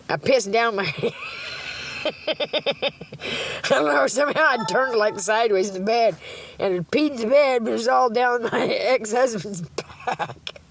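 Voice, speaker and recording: A woman's voice: a little high, slow pace, vocal fry, pauses often. A middle-aged woman rambling on a livestream, blunt and profane, laughing often and talking about God.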